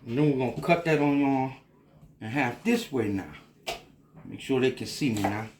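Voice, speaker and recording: A man's voice: mid-range voice, animated, moderate pace, a little mellow, reverberant. Tipsy Cajun man cooking at home. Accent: Louisiana Cajun. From Louisiana. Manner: rambling, folksy, drawling. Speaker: home cook. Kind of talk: casual cooking vlog.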